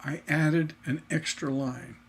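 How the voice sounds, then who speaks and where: A man's voice: fairly high pitch, fairly even intonation, takes it slowly, slightly rough. A man teaching songwriting on a livestream, talking to himself as he works and chanting rhythms aloud to show his point.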